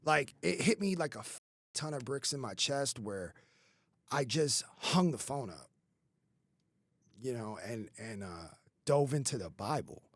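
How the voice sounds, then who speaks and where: A man's voice: medium pitch, animated, a little slow, a bit bright, no room sound. A man in his thirties telling his life story on a podcast, casual and rambling, with many fillers and swearing. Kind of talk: candid conversational storytelling.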